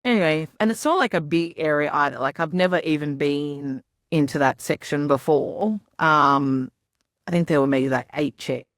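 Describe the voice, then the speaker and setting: A woman's voice: deep voice, normal speed, dry recording, clean studio sound. A young woman on a podcast, telling her story in a rambling, casual way full of "like" and quoted asides.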